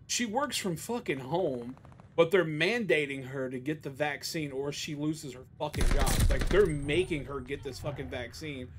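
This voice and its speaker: A man's voice: fairly high pitch, moderate pace, hardly any pauses, noisy background. A young man live-streaming a game, chatting casually, ranting and swearing constantly, often restarting his sentences. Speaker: gaming streamer.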